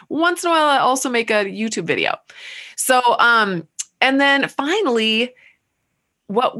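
An upbeat woman hosting a podcast, talking in a chatty, casual way. Her voice is bright and forward. Now and then she slows right down to spell out a web address. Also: mid-range voice. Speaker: podcast host.

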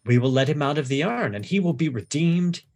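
Man playing smooth-talking, smiling torturer priest, calmly menacing, husky edge. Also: a little high, fairly quick. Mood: silky menace. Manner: calm, coaxing menace. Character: smiling, soft-spoken male priest torturer.

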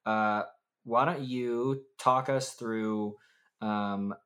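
A man's voice: mid-range voice, steady tone, extremely slow, fairly bright tone. A man co-hosting a casual interview podcast, asking a guest questions with some fillers. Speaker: co-host.

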